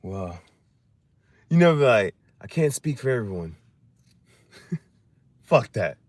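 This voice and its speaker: A man's voice: medium pitch, big pitch swings, slow, pauses often, darkish tone, dry recording. A man talking in a loose, rambling chat, laughing often and swearing freely in slangy banter. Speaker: livestream host.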